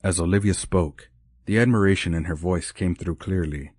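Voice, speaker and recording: A man narrating an audiobook with measured, even storytelling. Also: deep voice, slightly rough, no room sound, studio quality. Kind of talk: scripted narration.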